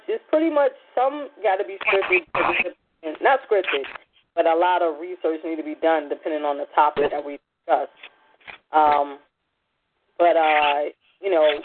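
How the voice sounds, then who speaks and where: A woman's voice: low voice, background noise. Woman host on a tinny phone line. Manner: rambling, personal storytelling with many fillers. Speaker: radio talk show host. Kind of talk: casual chat.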